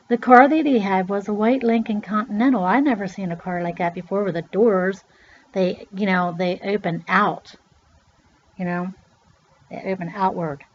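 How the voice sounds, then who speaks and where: A mid-range voice at normal speed belongs to this middle-aged Pennsylvania vlogger. Chatty and loose, she meanders through a personal tale, swears from time to time, and performs the voices of people she quotes; the recording is dull and lo-fi.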